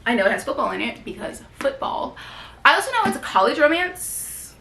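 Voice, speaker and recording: Her high voice is sing-song and a little fast, with vocal fry and a sharp tone, as this young book vlogger gushes about her new books with lots of fillers. The casual book haul is filmed in a room at home with a bookshelf; the sound is reverberant with a little hiss or hum.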